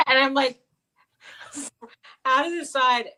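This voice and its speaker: A middle-aged woman co-hosting a casual live chat, animated and coaxing her pet in a high baby-talk voice. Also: takes it slowly. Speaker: co-host of a live chat show.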